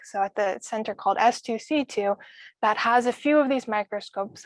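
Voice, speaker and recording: A woman's voice: medium pitch, no echo. A young woman from the Netherlands, a graduate student, giving a friendly, explanatory science lecture.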